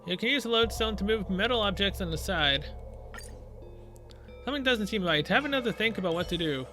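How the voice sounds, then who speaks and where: A man's voice: high-pitched, lively intonation, fairly quick, bright, forceful tone, soft background music. A man playing through a story game, reading its dialogue aloud and adding sarcastic asides. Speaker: gaming video creator.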